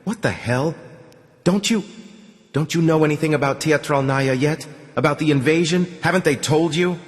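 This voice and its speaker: A curt older male colonel voiced by a man reading aloud barks in a rusty, cracked, grating voice. He sits higher and louder than the storyteller's own tone. A long reverberant tail hangs after each clipped order. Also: normal speed, close to an everyday voice.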